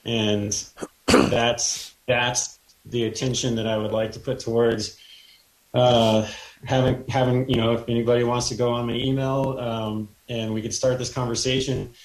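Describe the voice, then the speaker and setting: A man speaking as a guest on a talk radio show, halting and hesitant, often starting over mid-sentence. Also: medium pitch, flat delivery, echoey room, low-quality recording. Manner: halting, hesitant, many restarts. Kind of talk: casual talk radio conversation.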